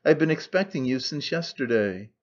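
A man reading an audiobook, voicing a fussy, vain aging male writer with a squeaky voice and a soft gentlemanly lisp. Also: animated, moderate pace, lightly acted. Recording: dull lo-fi recording.

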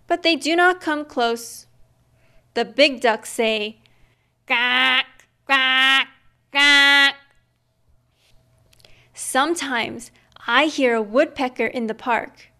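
A woman reading a children's picture book aloud, slow and gentle, acting out the sounds in it. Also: sits high. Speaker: storyteller.

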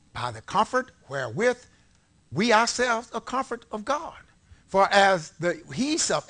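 High bright-voiced preacher man. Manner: call-and-response preaching, swinging between low talk and shouted peaks. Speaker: pastor. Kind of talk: sermon. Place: church sanctuary before a congregation. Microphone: live-streamed service mic.

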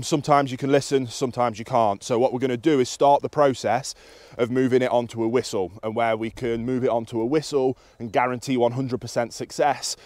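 A British man with an everyday middle pitch talks through dog training in a calm, instructive way. His voice is dry and close, with little room sound around it. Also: dry recording. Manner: calm and instructive, with high excited praise to the dog. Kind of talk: explaining to camera while training outdoors.

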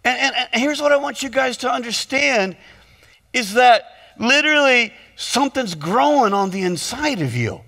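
A man with a very high voice preaches a lively sermon in a church. His bright, forceful tone rings out with long hall reverb. He tells stories and jokes, often repeating his words as he goes. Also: vocal fry. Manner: animated storytelling, quick jokes, repeated words. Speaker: pastor. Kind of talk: humorous sermon. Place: church sanctuary.

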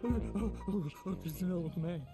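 A man's voice: high voice, unhurried, music in the background. An actor playing a cranky, cowardly old man who whines and pleads. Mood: pleading. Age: older. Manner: whiny, pleading, blustering.

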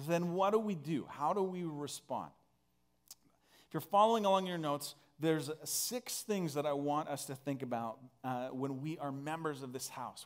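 A man from northern Canada preaching a conversational sermon, earnest and full of restarts. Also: on the high side. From northern Alberta, Canada. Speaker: pastor.

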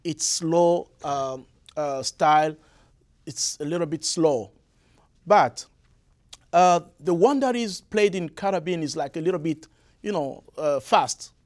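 A young man from the Republic of the Congo with a Congolese French accent, answering interview questions in halting English with many restarts. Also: on the high side, a little mellow. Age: young adult. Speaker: guest musician.

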